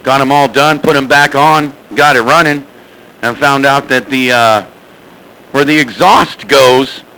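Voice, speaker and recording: A man's voice: medium pitch, a little slow, sharp tone, poor audio. A man chatting casually over CB radio from his home radio room, with a folksy, playful drawl full of slang nicknames. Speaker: CB radio operator.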